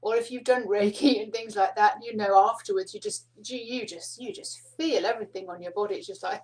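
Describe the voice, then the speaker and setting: A middle-aged woman hosting a spiritual card reading, speaking softly and meanderingly with fillers and small laughs. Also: mid-range voice, steady tone, normal speed, few pauses, low-quality recording. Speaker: spiritual card reader and host. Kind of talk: casual spoken teaching to camera.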